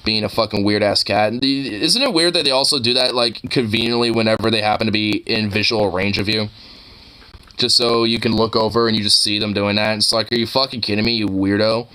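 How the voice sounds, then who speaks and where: Bright-toned man rambling profanely. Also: lowish voice, steady tone, brisk, clear, resonant tone. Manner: profane, rambling, full of fillers and restarts. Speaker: streamer browsing online posts. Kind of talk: casual rambling commentary.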